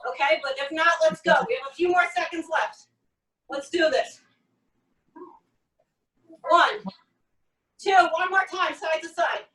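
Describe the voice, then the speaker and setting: Leading a workout in her home exercise space, this woman coach counts reps and offers cheerful, step-by-step directions. She speaks at an extremely high pitch, a little slowly, pausing often, with a bright, forceful tone. The recording comes from a distant mic in a room full of echo.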